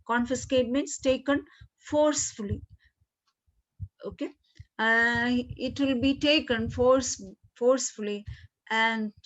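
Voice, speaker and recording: A woman teacher explaining a play to her class, saying "okay" often and clearing her throat. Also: fairly high pitch. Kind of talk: classroom literature lesson. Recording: dull lo-fi recording.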